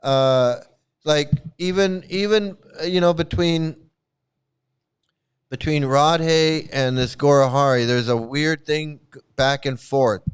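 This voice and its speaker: A man's voice: fairly high pitch, takes it slowly, clear, resonant tone. A man hosting a casual reaction livestream, mocking and profane, laughing often as he talks. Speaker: online streamer criticizing a cult.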